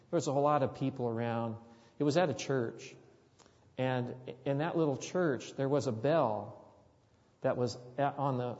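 A man with a mid-range, darkish voice preaches a sermon, telling a story earnestly and often repeating his words. The sound is dull, with a long hall reverb.

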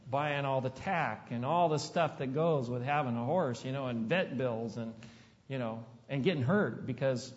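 A middle-aged pastor tells a story from the pulpit in an easy, folksy way and keeps turning to the congregation with questions. His voice sits at an ordinary pitch. It rings through a large hall with a long echo, and the recording sounds dull and muffled. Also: darkish tone. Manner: folksy, conversational, asks the audience questions. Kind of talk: storytelling sermon.

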